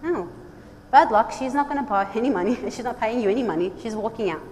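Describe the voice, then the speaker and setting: A woman giving a lively, direct conference presentation to a trade audience, urging them on with playful asides. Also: a little high, fast talker. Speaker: design speaker at a trade congress. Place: large conference hall. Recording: long hall reverb, faint background noise.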